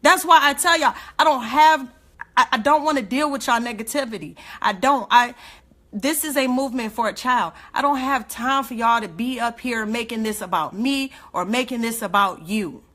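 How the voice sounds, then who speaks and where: Woman, bright and forceful, impassioned livestream speaker firing rhetorical questions. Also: fairly high pitch, moderate pace. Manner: emotional, indignant, rhetorical questions.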